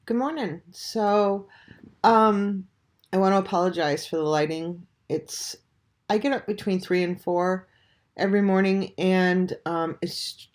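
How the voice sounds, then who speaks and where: A vlogger in their forties, stuffed up and under the weather, talking softly to camera at home at dawn with many ums and restarts. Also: mid-range voice, measured pace. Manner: hesitant, full of ums and restarts. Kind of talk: casual talk to camera.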